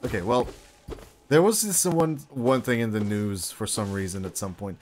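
A man's voice: fairly low pitch, normal speed, slight background noise. Laid-back man muttering while gaming. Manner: relaxed, mumbling to himself, swears casually. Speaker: streamer host. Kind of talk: casual gameplay chat.

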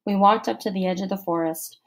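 A woman reading a children's novel aloud as a first-person narrator, steady and expressive. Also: mid-range voice, brisk, rough recording. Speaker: audiobook narrator.

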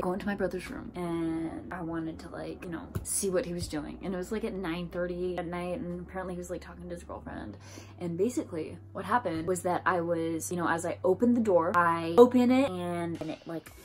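A young woman hosting her own vlog, telling a story in a casual, animated, profane and self-dramatizing way. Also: lowish voice. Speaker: YouTuber.

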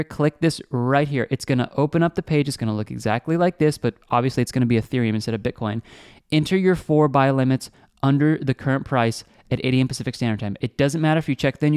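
A man's voice: medium pitch, darkish tone, clean tone, no room sound, studio quality. A man hosting an online channel, talking viewers through a chart in a casual, upbeat way, often calling them "guys" and checking in with "okay?". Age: adult. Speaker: online trading channel host.

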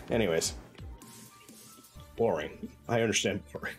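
A casual male streamer who talks in a loose, rambling way, full of swearing, restarts and fillers. His voice sits at a middle pitch, and faint music plays underneath as he chats with his viewers. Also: normal speed, a little mellow.

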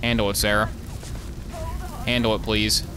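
A man giving casual, sarcastic let's play commentary as he plays, with joking asides and sudden excited yelps. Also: fairly low pitch, moderate pace, noisy background. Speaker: gameplay streamer.

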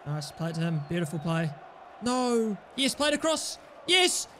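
A man with a very high, bright voice giving live gameplay commentary as he plays. He flips between low mutters and sudden yells, trading cheeky, sweary banter with his teammates. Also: a little slow, a faint crowd, slight background noise. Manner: excitable, swings between muttering and yelling. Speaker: gaming YouTuber.

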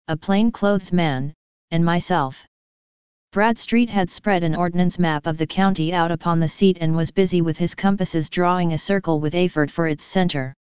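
A woman reading a classic story aloud in an even, measured narration. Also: fairly low pitch, clear, resonant tone, dry recording, muffled recording. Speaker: audiobook narrator. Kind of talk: scripted narration.

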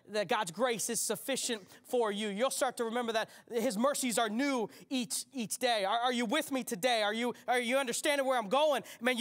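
A man's voice: high voice, a bit bright. A male pastor preaching a sermon, repeating his key lines with rising emphasis and turning to ask the congregation questions. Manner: conversational, asks the congregation questions.

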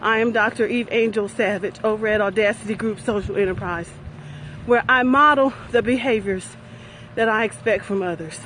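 A middle-aged investment coach and vlogger walks a pond-side path outdoors, live-streaming on her phone in a chatty, upbeat way while panting and cheering herself on. Her voice is medium-pitched, a bit bright and at a normal speed. The poor audio carries a slight hiss or hum.

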